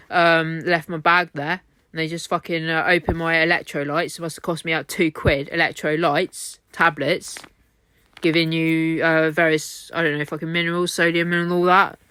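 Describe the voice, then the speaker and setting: A man's voice: on the high side, a bit bright, no room sound, studio quality. A man in a hotel room, rambling on in an exhausted, repetitive monologue laced with swearing. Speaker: vlogger. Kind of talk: rambling self-recorded monologue.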